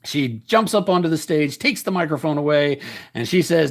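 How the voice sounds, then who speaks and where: Lively, chuckling man calling a tabletop wrestling game. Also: on the high side, moderate pace. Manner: chuckling, self-correcting, jokey ring-announcer patter. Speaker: game host and commentator. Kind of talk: playful solo tabletop wrestling game commentary.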